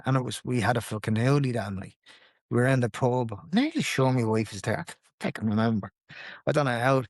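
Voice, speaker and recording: A man with a Dublin Irish accent, a podcast guest telling his own story in casual chat, lively and swearing freely. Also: mid-range voice, a little fast, no echo, studio quality.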